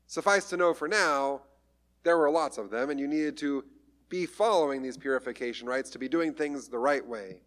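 A man's voice: medium pitch, moderate pace, fairly bright tone. A man preaching a sermon, retelling a story in a conversational way with light humor. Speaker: pastor.

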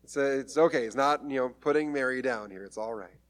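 A man's voice: mid-range voice, a little fast. A man preaching a sermon, retelling a story in a conversational way with light humor. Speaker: pastor.

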